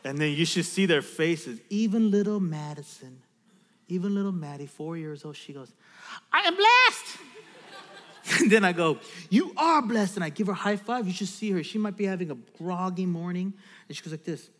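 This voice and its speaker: A man's voice: high-pitched, brisk, big-room sound. A man preaching a sermon in a church, reading scripture and then leading the congregation in an interactive exercise. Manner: animated preaching with direct audience instructions. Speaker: pastor. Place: church sanctuary.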